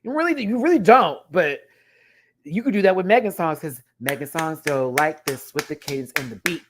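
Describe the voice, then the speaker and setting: A man giving a casual, profane rant review as a vlogger. He swings from low muttering to loud exclamations and scats beats aloud. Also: lively intonation, moderate pace, background noise.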